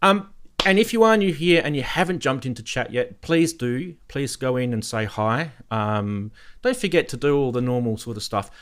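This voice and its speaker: A man's voice: mid-range voice, animated, normal speed, fairly bright tone. A man hosting a live synthesizer stream, chatting casually and laughing often as he greets viewers in the chat. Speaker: host of a live synthesizer show.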